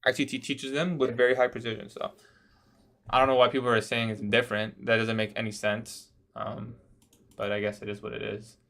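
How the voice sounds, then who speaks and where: A man's voice: mid-range voice, little pitch movement, a little fast, creaky, a bit bright. A young man day trading on a livestream, talking casually, reading out viewer questions and answering with a laid-back "bro" manner. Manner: casual, says "bro" often, laughs at odd questions.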